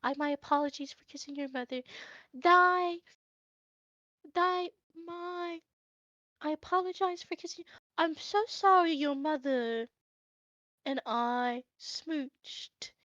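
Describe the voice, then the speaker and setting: A woman's voice: high-pitched, slow pace, pauses often, pushed and bright, no echo, lo-fi sound, exaggerated voice. Woman playing a flustered fussy young nobleman. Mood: dithering. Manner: dithering, hesitant rambling.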